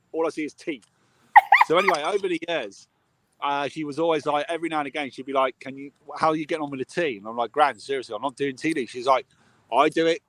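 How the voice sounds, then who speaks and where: A man who works as a medium and co-hosts a live video call tells a funny family story in casual conversation. His voice is fairly high and fairly bright, he's chatty and laughs at his own tales, and a little hiss or hum can be heard.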